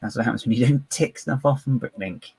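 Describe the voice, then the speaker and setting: A man's voice: mid-range voice, fairly quick, vocal fry, a little mellow, slight background noise, rough recording. A man chatting live while building, rambling, giggly and self-mocking. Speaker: live-streaming LEGO builder.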